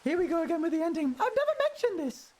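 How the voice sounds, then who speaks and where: A male streamer chats with his viewers in a strikingly high, put-on head voice. He rambles from thought to thought in a loose, casual way and laughs often. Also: big pitch swings, fast, darkish tone. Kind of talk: casual live-stream chat while gaming.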